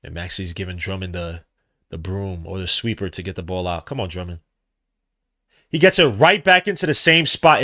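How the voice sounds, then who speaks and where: A young man doing live watch-along commentary as a podcast host, trading muttered play-by-play for loud slangy outbursts. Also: on the low side, animated, moderate pace.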